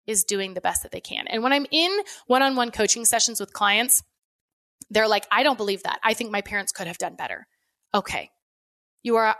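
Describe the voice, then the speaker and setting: A candid woman in her thirties speaks in a slightly higher register, talking in a loose, conversational flow. She coaches people and sometimes slips in a casual swear word. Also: a bit bright. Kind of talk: personal reflective talk.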